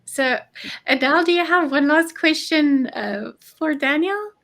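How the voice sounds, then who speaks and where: Bright-voiced enthusiastic woman host. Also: high-pitched, a little slow, gravelly. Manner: enthusiastic, encouraging interviewer. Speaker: show host. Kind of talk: casual interview chat.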